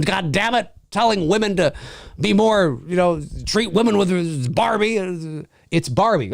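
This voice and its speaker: A man's voice: high-pitched, big pitch swings, normal speed, gravelly, no room sound, clean studio sound. A man hosting a casual livestream Q&A, reading viewer comments aloud, swearing freely and laughing often. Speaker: channel host answering viewer questions.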